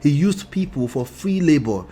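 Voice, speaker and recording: Fairly high-pitched and mellow, with lively intonation and a moderate pace, this relationship talk host chats through casual commentary. His accent mixes Nigerian and New Jersey, he keeps tossing in asides and "right?", and there's slight background noise.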